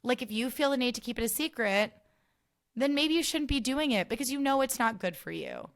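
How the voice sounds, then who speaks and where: A woman's voice: fairly high pitch, expressive, a little fast. A woman hosting a casual solo podcast, chatting in a loose, filler-heavy way with sarcastic asides. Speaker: podcast host.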